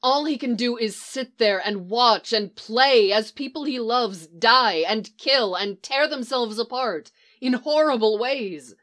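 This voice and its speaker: A woman's voice: fairly high pitch, unhurried, few pauses, fairly bright tone. A woman reading the part of a determined, frustrated young woman who speaks insistently. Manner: urgent, insistent.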